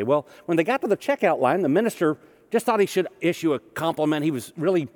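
Male minister, fairly high voice, relaxed storytelling sermon, reverberant hall. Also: quick pace. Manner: storytelling, conversational with humor.

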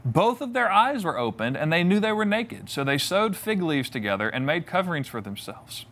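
A young man preaches in an easy, joking way, slipping into voices to act out the story. His voice sits high for a man. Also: very animated, normal speed, a bit bright. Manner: conversational and humorous, acts out scripture voices. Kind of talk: sermon.

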